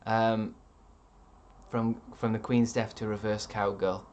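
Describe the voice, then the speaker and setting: A man's voice: lowish voice, little pitch movement, slow pace, a little mellow, a little hiss or hum. A man streaming live, reading out chat with rambling dry jokes and lots of ums.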